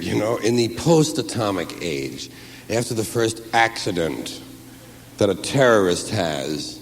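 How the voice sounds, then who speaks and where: A male comedian delivers a stand-up routine in a mocking, profane manner, his voice leaping up and down in lively swings. The live recording has a faint hiss beneath it. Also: fairly low pitch, in a large hall.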